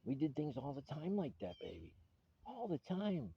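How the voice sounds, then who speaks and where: A man's voice: fairly high pitch, huge pitch swings, moderate pace, vocal fry, slightly rough, highs cut off. A man recording a personal video message to his estranged wife, earnest and pleading, often restarting his sentences.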